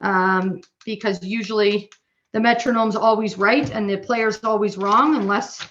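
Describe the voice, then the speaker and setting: Woman, drum instructor, bright tone, patient explaining, counting beats aloud, muffled lo-fi recording. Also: medium pitch, steady tone, measured pace, slight background noise. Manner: patient, explanatory, checks in with "okay?".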